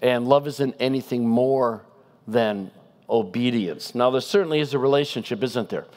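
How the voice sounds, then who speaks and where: A man giving a guest sermon in a conversational style, animated and asking the congregation rhetorical questions. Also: medium pitch, normal speed. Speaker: guest preacher.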